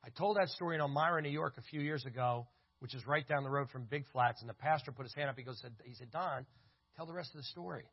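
A man's voice: medium pitch, quick pace, muffled recording. A man speaking at a church conference, teaching through stories with lots of quoted back-and-forth dialogue and references to photos.

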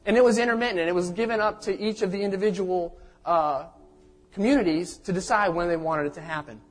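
A man preaching a sermon as a pastor. He tells the story in a conversational way and often checks in with the congregation by asking "okay?". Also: high voice.

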